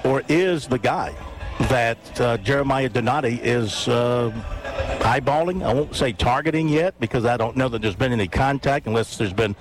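A man hosting sports talk radio, running through scores briskly and bantering in a relaxed way. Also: mid-range voice, music in the background.

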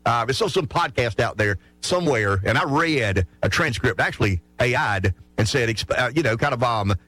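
Brief: male radio host, lively pitch swings, rambling opinion talk, dry studio sound with faint music behind. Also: moderate pace, dry recording. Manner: rambling, conversational, frequent restarts and asides. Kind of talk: political talk radio commentary.

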